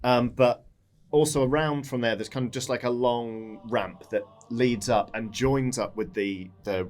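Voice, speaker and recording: A man's voice: medium pitch, fairly even intonation, unhurried, a little mellow. A man running a tabletop game as dungeon master, narrating in a loose, descriptive way with fillers and sound effects.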